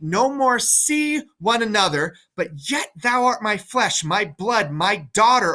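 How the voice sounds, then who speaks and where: Brief: raging old king in a classroom read-through, raised and bright, wounded pride, read by a man. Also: high voice, pitched above the performer's own voice, heavily acted. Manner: declaims verse with mounting fury.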